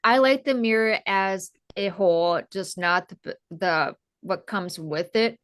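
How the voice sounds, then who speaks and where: A woman's voice: medium pitch, unhurried, a little hiss or hum. A woman co-hosting a podcast, chatting loosely about a film with many fillers. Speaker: podcast co-host. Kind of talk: casual film chat.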